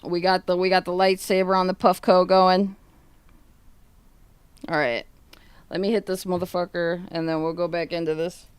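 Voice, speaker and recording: A woman's voice: fairly low pitch, little pitch movement, normal speed, pauses often, clear, resonant tone, dry recording. A woman streamer chatting casually on a livestream, swearing a lot and retelling what family and chat said. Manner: laughing, swearing, retelling chats with friends and family. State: coughing.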